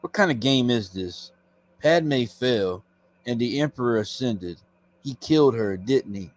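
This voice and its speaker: A man reading the lines of a defiant young woman, a queen's former double, in a plain, flat way. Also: medium pitch, a little slow, close to an everyday voice.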